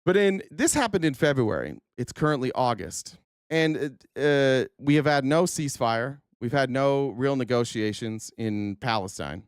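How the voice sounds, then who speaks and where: Fired-up male podcast host, profane and indignant, mid-pitched voice, dry sound. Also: expressive, a little slow, smooth, no room sound. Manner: angry, profane ranting; choked up at times. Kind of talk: political commentary.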